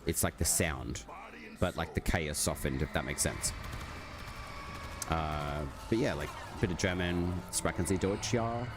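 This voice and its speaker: Deep-voiced man rambling on stream. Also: a little slow, pauses often. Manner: rambling, many fillers like "like". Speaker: game streamer. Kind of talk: casual live-stream chat while gaming. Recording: steady background noise.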